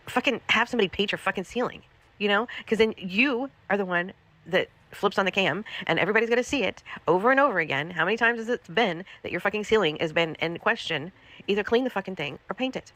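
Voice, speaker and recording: A woman's voice: lowish voice, pushed and bright. A woman livestreamer scolding someone in a profane, repetitive, angry rant.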